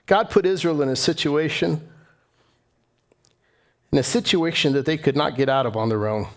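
High-voiced man preaching with rising fervor. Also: normal speed. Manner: earnest, rising to impassioned emphasis. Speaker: pastor. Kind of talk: sermon.

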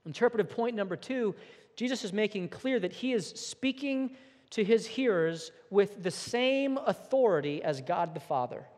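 A man preaching a sermon from the pulpit, earnest and emphatic, now and then repeating a word as he presses his points. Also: high-pitched. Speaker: pastor. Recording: long hall reverb.

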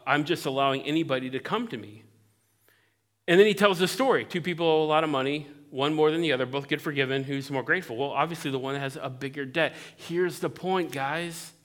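Male pastor, slightly higher voice, animated conversational sermon delivery. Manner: animated, conversational, acts out voices in Bible quotes.

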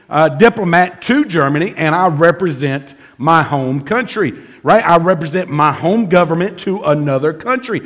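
A middle-aged man preaching a sermon, telling a comic story with animated shouts and laughs before moving into his teaching. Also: high voice. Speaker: pastor.

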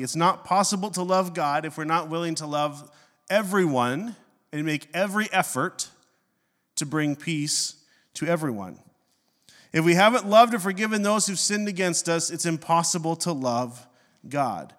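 A middle-aged man, a pastor, preaching a sermon and telling a personal story with self-mocking humor and animated swings in his delivery. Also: fairly high pitch, moderate pace. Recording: long hall reverb.

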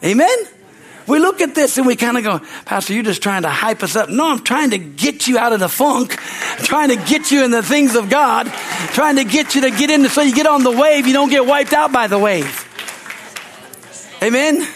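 A man's voice: very high voice, expressive, moderate pace, slight background noise. An older man in his sixties preaching a sermon as pastor, folksy and repetitive, tossing "Amen?" to the congregation. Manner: folksy, tells anecdotes with laughter.

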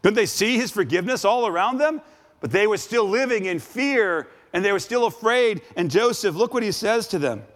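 A man preaching a sermon as a guest preacher, dramatic, swinging from loud exclamations to hushed asides. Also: high voice, animated, normal speed. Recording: long reverb of a large hall.

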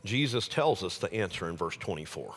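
A male pastor preaching a sermon, swinging from loud exclamations to hushed, low phrases. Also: lively intonation, brisk. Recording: long hall reverb.

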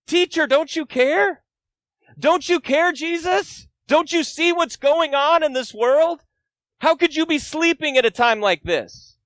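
Man playing panicked young fishermen yelling pleading questions in a storm scene, pitched high, dry. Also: unhurried, dry recording. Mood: pleading, alarmed. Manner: pleading, shouting rhetorical questions. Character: panicked young male fishermen disciples crying out.

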